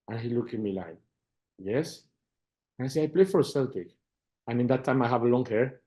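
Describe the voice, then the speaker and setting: The middle-aged man here, a football manager with a Mexican Spanish accent, answers interview questions at a medium pitch in halting English, with the highs cut off in the audio. Words get repeated, and retold conversations make him animated.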